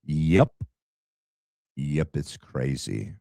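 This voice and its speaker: A man with a very low voice hosts a casual commentary livestream. He speaks to his chat with rambling asides. The sound is dry and close. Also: expressive, drawn-out words, creaky, dark tone, no echo. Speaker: livestream host.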